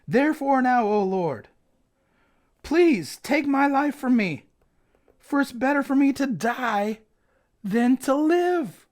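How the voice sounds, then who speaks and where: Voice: high-pitched, lively intonation, slow pace, pauses often, darkish tone, pitched above the performer's own voice. A Bible teacher voicing the prophet Jonah as a sulking, melodramatic man throwing a tantrum. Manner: whiny, exaggerated tantrum. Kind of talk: acted scripture quotes in a Bible lesson.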